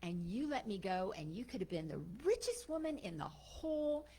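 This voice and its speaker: A woman's voice: medium pitch, big pitch swings, moderate pace, warm tone, husky, poor audio. A woman voicing a small male talking bird, wise and teasing, in a spoken parable. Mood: gloating. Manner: playful, gloating.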